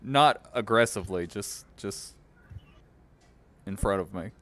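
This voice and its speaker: A man's voice: on the low side, measured pace, fairly bright tone. A man playing a tabletop game, speaking hesitantly with many fillers. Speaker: player. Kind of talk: tabletop role-play.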